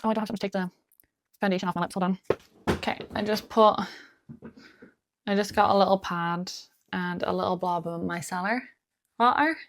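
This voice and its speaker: A woman's voice: mid-range voice, steady tone, brisk, long pauses, background noise. A woman chatting casually at home while doing her makeup, muttering little asides to herself as she works. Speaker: beauty vlogger. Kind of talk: chatty get-ready-with-me talk.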